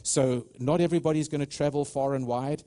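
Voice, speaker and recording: Speaking a little fast in a steady, mellow, mid-range voice, a South African pastor gives a live sermon in the sanctuary. His delivery is earnest and stop-start, with frequent restarts and calls to the congregation.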